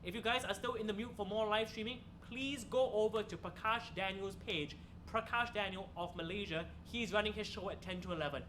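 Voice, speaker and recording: A young man doing a solo stand-up livestream, with a high, bright voice over a faint hum of room sound. He tells stories in a jokey way, laughs at his own punchlines, and talks straight to his online viewers from a comedy club. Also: fairly quick. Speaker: stand-up comedian and show host. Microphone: streaming camera mic.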